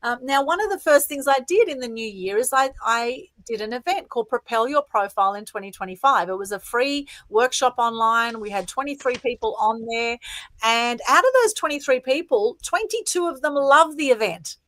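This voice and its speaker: A woman's voice: a little high, animated, moderate pace, a bit bright, no room sound. Earnest Australian woman on a call. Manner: earnest, emotional, tag questions of "right?". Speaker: co-host. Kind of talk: casual chat on a live stream. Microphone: video call.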